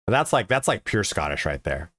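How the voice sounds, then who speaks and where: A man's voice: fairly low pitch, a bit bright, husky, no room sound. A man chatting casually and profanely with viewers as a game streamer, rambling with lots of filler words.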